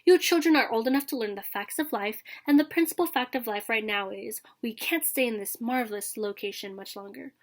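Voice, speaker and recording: A woman voicing a stately male trumpeter swan father who speaks in slow, flowery, formal phrases, read aloud from a storybook. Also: fairly high pitch. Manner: slow, grand, flowery delivery.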